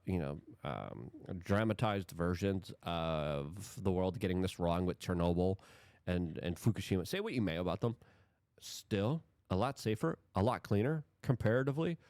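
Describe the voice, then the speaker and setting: A man's voice: low voice, no room sound, clean studio sound. A man giving heated political commentary, sarcastic and stumbling through restarts. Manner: sarcastic, animated, repetitive restarts.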